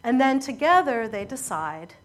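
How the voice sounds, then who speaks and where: A woman preaching a sermon, telling a story in an earnest, measured way that often falls quiet at emotional moments. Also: on the high side, very animated.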